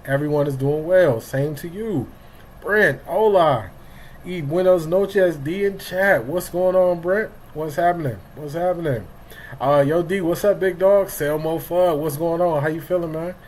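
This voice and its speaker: A man's voice: a little high, a little mellow, a little hiss or hum, rough recording. Chatty middle-aged man hosting a live stream. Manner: greets chat viewers by name, loose and talkative. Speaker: livestream sports show host. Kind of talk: casual live-stream chat.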